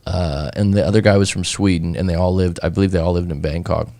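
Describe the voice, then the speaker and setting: A man from California, a breakup coach hosting a show, chatting casually and telling stories in an animated way. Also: sits low, fast, vocal fry, no echo. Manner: animated, conversational, acts out anecdotes. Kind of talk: casual chat, storytelling.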